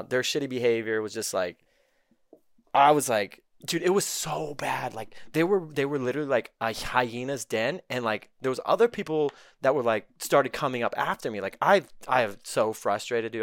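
A man who is a podcast guest tells a story with heat, swearing freely and pushing his point hard. His voice is of average pitch. The sound is dry and close, with no room around it. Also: moderate pace, no room sound. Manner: heated, profane, animated retelling. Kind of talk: casual storytelling.

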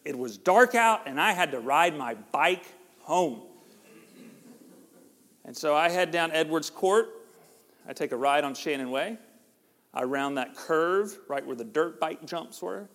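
A man's voice: on the high side, animated, measured pace, pauses often, fairly bright tone. A middle-aged man, preaching a conversational sermon that jokes with the congregation. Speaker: pastor. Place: church sanctuary. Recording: long hall reverb.

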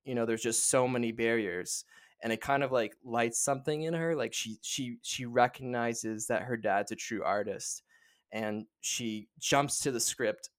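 A man co-hosting a podcast, chatting casually about a movie and retelling scenes with frequent restarts. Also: medium pitch. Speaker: podcast co-host. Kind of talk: casual chat, film discussion.

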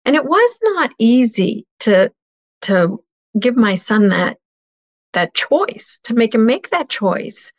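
A woman's voice: a little high, very animated, slow pace. A middle-aged woman telling a painful personal story as an interview guest, earnest and heartfelt.

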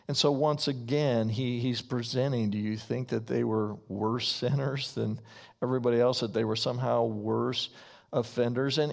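A male pastor preaching a sermon in a slow, deliberate way, repeating key lines for emphasis. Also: mid-range voice, vocal fry.

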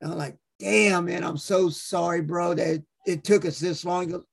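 A podcast host with a high-pitched, gravelly, husky voice talks at a moderate pace. He's an animated, profane storyteller who acts out quotes while telling casual stories.

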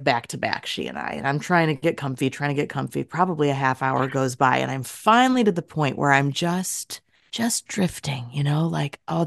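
A woman in her thirties co-hosting a podcast, chatting casually and telling stories in a lively, animated way. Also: low voice, creaky, no room sound, clean studio sound. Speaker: podcast co-host. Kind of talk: casual chat.

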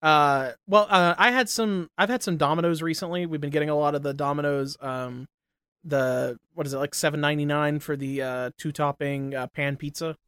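Young man, podcast co-host, wry, teasing, slightly high voice, dry sound. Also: steady tone, moderate pace, a bit bright, smooth, dry recording. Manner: wry, teasing, laid-back. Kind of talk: casual chat.

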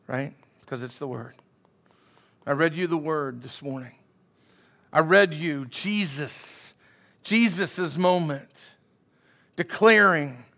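High-voiced, unhurried preaching man. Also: creaky, sharp tone. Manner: emphatic preaching with call-and-response to the congregation. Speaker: pastor. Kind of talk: sermon.

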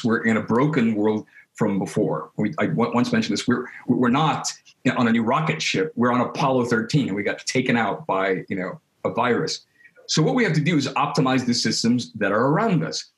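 Animated man in a roomy, echoing space. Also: on the high side. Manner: animated, with quick restarts and repeated words. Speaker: interview guest, creative studio head. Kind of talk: casual conversational interview. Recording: roomy echo.

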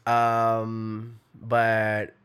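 A man's voice: on the low side, monotone, very slow, a bit bright, clear, resonant tone. A man, answering fan questions in a loose, slangy live chat on his phone, repeating phrases while he thinks. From Malaysia.

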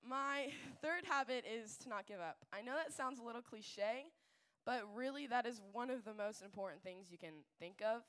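A woman's voice: on the high side, moderate pace, clean tone. Chatty young woman giving a faith talk. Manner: chatty, filler-heavy, animated storytelling. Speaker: youth speaker.

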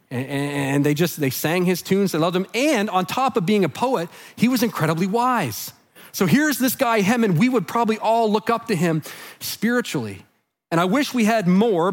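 A man preaching a sermon in church, earnest and conversational, often dropping soft and low on heavy lines. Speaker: pastor.

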